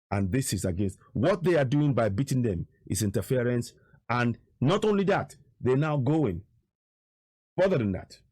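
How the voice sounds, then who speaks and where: A man delivers insistent political commentary, hammering his points again and again. His pitch rises and falls in lively swings. The sound is dry, with no room echo. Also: husky. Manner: emphatic, repetitive, indignant. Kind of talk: commentary over video footage.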